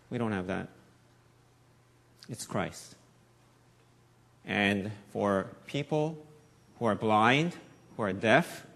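An Asian American man, middle-aged, preaching a sermon as pastor of his church, with a slight Southern accent, shifting from hushed, earnest lines to loud, animated asides. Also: on the low side, vocal fry. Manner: conversational preaching with wide swings in loudness, from hushed to animated.

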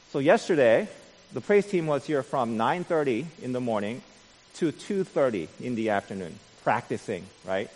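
A man preaching a sermon as pastor, peppering his points with "right?" and swinging from quiet musing to loud, emphatic delivery. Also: mid-range voice, long reverb tail, slight background noise. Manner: frequent tag "right?".

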